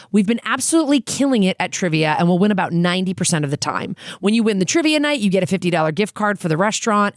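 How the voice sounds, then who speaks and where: Blunt, profane woman co-host, low voice. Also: dry recording, clean studio sound. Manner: blunt and profane, laughs often. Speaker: podcast co-host. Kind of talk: casual chat, reading listener emails.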